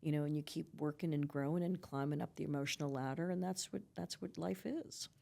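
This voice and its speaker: A woman's voice: low-pitched, fairly even intonation, a little fast, gravelly, warm tone. A middle-aged woman, a psychotherapist giving earnest advice in a conversational podcast interview, peppering her talk with "you know" and "right?". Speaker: psychotherapist guest.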